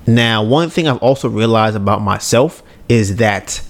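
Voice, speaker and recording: A man co-hosting a casual podcast, speaking in a laid-back, fairly monotone way and rambling, correcting himself and swearing as he goes. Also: on the low side, unhurried, creaky, hardly any pauses. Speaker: podcast co-host.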